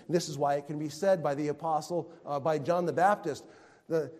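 A man preaching a sermon, swinging between loud proclamation and quiet, hushed emphasis. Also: fairly high pitch, steady tone, brisk, long reverb tail.

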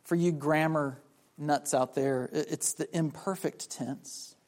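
A man's voice: a little high, fairly even intonation, slow pace, a little mellow. A man from South Carolina preaching a sermon on a Bible passage. He acts out the voices of the people he quotes and repeats words as he restarts his sentences. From South Carolina, USA.

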